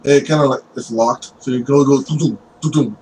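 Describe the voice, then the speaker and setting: A man's voice: medium pitch, fairly even intonation, a little fast, a little mellow, slight background noise, low-quality recording. A man narrating as game master of a tabletop game, rambling with frequent fillers.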